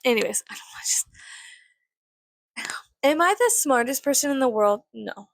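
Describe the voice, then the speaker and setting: A tired young woman vlogs a casual storytime rant about her family, blunt, profane and sarcastic, with the occasional aside muttered under her breath. Her voice is high, animated and gravelly, at a moderate pace, with no echo.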